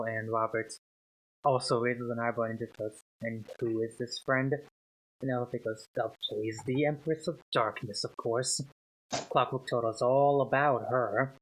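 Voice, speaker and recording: Over a voice call, a man with a mid-range voice runs a tabletop game as game master, narrating scenes and dropping into character lines between bursts of laughter. The recording quality is low.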